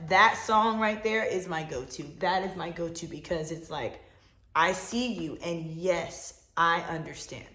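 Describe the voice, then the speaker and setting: A woman's voice: lowish voice, measured pace, fairly bright tone. A woman co-hosting a faith podcast, speaking in an emphatic, encouraging way and repeating herself for reassurance. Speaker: podcast co-host. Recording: echoey room.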